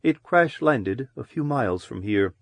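A man voicing a mature, commanding woman who speaks calmly and in a hushed way in an audiobook reading. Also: mid-range voice, a little slow, no room sound. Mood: quiet, gentle. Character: mature commanding woman, calm and low-spoken.

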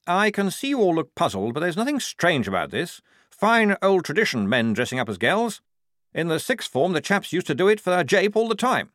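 A man's voice: high voice, very animated, fairly quick, fairly bright tone, dry recording, studio quality, pitched above the performer's own voice. A man voicing an eager, naive, upper-class young male lieutenant, in a raised, chirpy voice. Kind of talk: audiobook character voice.

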